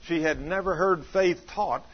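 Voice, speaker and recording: A man's voice: fairly high pitch, normal speed, dull audio. A male preacher giving a sermon, telling a healing story and quoting scripture with earnest conviction.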